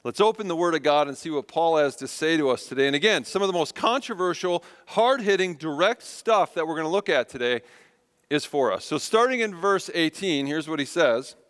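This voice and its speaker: A high-pitched male pastor in his thirties delivers a sermon with a smooth, resonant voice. He tells a self-deprecating story and animatedly acts out the lines of the people in it. The sound carries a long reverb from the church hall. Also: expressive, a little fast, a bit bright. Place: church sanctuary.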